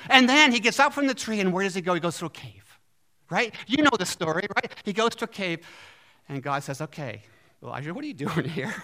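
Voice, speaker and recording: Male preacher, fairly high, bright tense tone, animated delivery with rhetorical questions. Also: a little fast. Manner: animated, asks the audience questions. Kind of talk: sermon.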